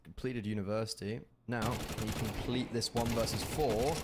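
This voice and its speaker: A man casting a live competitive shooter match as play-by-play commentator, animated and rising in bursts at big plays. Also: lowish voice, moderate pace, heavy background noise. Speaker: esports caster.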